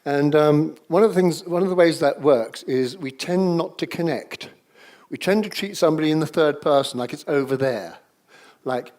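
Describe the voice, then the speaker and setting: Leading an improv exercise in a seminar room full of people, this workshop leader talks fairly quickly in a voice on the high side. He's energetic, coaxes participants along, and calls out to the audience.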